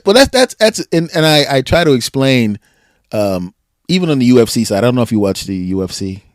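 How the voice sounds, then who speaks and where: A man's voice: mid-range voice, brisk, no room sound, clean studio sound. A man from Philadelphia, playfully ribbing his guest in casual podcast sports banter. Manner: playful ribbing, animated retellings. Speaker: podcast host.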